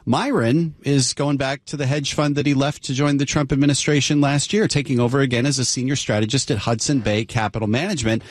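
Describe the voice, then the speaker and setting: A man co-hosting radio business news in a relaxed, conversational way. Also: medium pitch, a little fast, few pauses, dry recording, studio quality. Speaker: news anchor.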